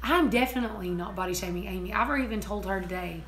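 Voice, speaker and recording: Bright, giggly chatty woman. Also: medium pitch, fast talker, slight background noise. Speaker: homesteading vlogger. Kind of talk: casual chat.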